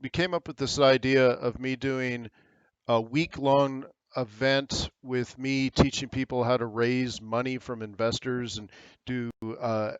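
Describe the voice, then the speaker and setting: A man's voice: medium pitch, fairly even intonation, unhurried, clean tone, no echo, muffled recording. An American man hosting a live trading webinar, giving casual, rambling market commentary with frequent fillers.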